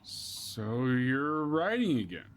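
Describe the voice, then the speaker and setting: A man's voice: fairly high pitch, wildly swooping pitch, slow, a little hiss or hum, full character voice. An actor playing a father in a story game, hesitant and evasive. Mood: thoughtful.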